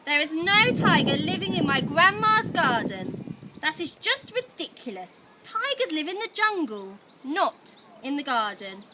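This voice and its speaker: A woman voicing a bold little girl who insists loudly and defiantly while reading a storybook aloud. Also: high voice, big pitch swings, unhurried, pitched above the performer's own voice. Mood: insistent. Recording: noisy background.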